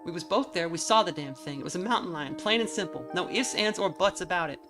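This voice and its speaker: A woman putting on a gruff old mountain man. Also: on the low side, lively intonation, fast talker, music in the background, close to an everyday voice. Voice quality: folksy rural drawl.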